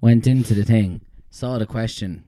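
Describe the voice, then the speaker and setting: A man's voice: fairly low pitch, normal speed, no room sound. A young Irish man in his twenties, co-hosting a podcast, telling stories animatedly and swearing casually. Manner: animated, swearing, acts out quotes. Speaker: podcast co-host. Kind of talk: casual chat.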